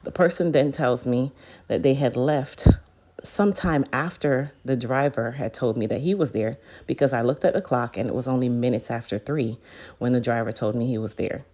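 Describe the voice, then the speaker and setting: A woman's voice: rumbling low, normal speed, dark tone. A woman in her thirties, a hair care business owner, chatting straight to her viewers in a casual storytime vlog. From United States. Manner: chatty, addresses viewers directly.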